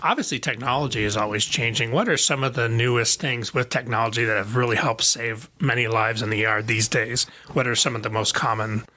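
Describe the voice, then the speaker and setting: A man's voice: mid-range voice, brisk, hardly any pauses, bright, forceful tone. A man co-hosting a podcast, mostly chiming in with short agreements and asking the questions. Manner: brief agreeing responses, asks questions. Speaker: podcast co-host. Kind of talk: casual chat.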